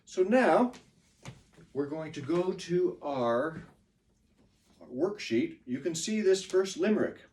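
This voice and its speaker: A man's voice: fairly high pitch, expressive, slow, long pauses, a little mellow, far from the mic. A middle-aged man teaching pronunciation to a class of children, patiently explaining words and chanting the beats. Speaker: ESL teacher.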